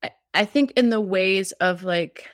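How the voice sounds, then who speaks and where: A woman with a mid-range voice, speaking unhurriedly, is a cancer survivor appearing as a guest and sharing a personal story in conversation. Her telling is heartfelt and rambling, packed with fillers. The sound is clean studio audio with no room noise.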